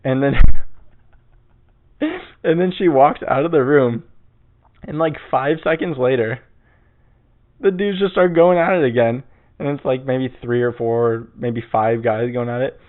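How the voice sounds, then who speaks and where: A man's voice: medium pitch, measured pace, long pauses. A man hosting his own podcast in casual chat, rambling and swearing with lots of fillers. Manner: rambling, profane, full of fillers. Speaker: podcast host. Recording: tinny phone-like sound.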